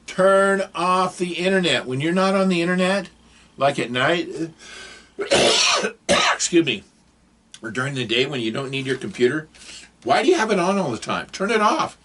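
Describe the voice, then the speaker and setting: Husky older man rambling advice. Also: medium pitch, fairly bright tone. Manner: rambling, digressive, preachy. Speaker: vlogger giving advice. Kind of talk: casual monologue to camera.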